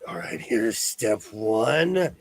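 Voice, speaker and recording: A man's voice: on the low side, lively intonation, very slow, slight background noise. A man hosting a casual sewing livestream, playful and exclamatory, laughing often as he tries on and shows off clothes.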